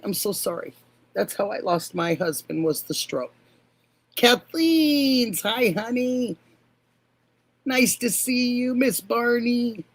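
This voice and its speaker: An older woman hosting a live stream, warmly greeting viewers by name and calling them honey and sweetheart. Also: fairly high pitch. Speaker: livestream host.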